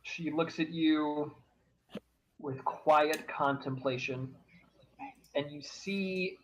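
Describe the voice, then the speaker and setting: Slow-narrating male game master. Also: fairly high pitch, fairly bright tone, a little hiss or hum, poor audio. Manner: unhurried, descriptive, with fillers.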